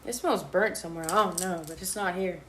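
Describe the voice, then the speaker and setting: A woman's voice: lowish voice, fairly quick, a little hiss or hum. A woman in her twenties being interviewed about her college years, telling her story in a casual, slangy way. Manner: lively storyteller, slangy, acts out quotes. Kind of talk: casual chat.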